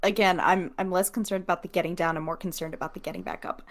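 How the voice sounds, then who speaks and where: A woman's voice: on the low side, steady tone, fast. A woman playing a tabletop game, chatting casually with a practical, planning manner. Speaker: player. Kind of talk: casual play chat.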